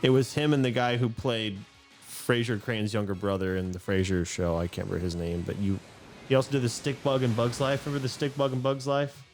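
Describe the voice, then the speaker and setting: A man's voice: medium pitch, flat delivery, brisk, soft background music. A young man playing a video game and chatting casually, rambling and trailing off. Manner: rambling, trails off mid-thought. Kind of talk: casual chat while gaming.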